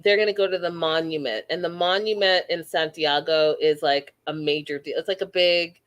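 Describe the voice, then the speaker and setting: A woman from Canada hosting a casual reality TV recap, blunt and animated, acting out quotes. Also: sits low, normal speed.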